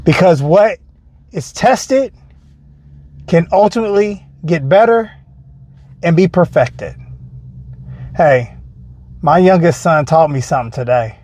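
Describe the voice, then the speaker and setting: A man's voice: on the high side, animated, slow, pauses often, darkish tone. A man in his thirties telling a personal story in a casual, earnest way and drawing a faith lesson from it. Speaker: faith vlogger.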